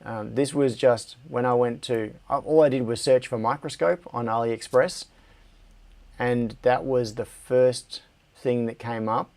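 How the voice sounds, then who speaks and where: An Australian man hosts a relaxed livestream from his workshop, reading viewer comments aloud between his own musings. He speaks slowly at a middle pitch, often trailing off mid-sentence and laughing to himself. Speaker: livestream host.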